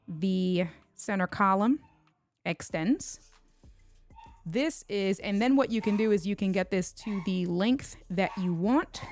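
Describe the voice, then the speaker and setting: Chatty woman streaming a tech unboxing. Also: medium pitch. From Puerto Rico. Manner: chatty, banters with viewers in chat. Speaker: tech livestream host. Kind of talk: casual livestream unboxing.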